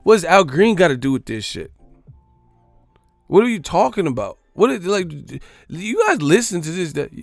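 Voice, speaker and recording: A man with a gravelly, fry-edged voice rants on a live stream, swearing and mocking as he repeats his points. His delivery swings widely up and down. The sound is close and dry, with faint music behind him. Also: high-pitched, sing-song, moderate pace, no echo. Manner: profane, mocking, repetitive. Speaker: host of a boxing live stream.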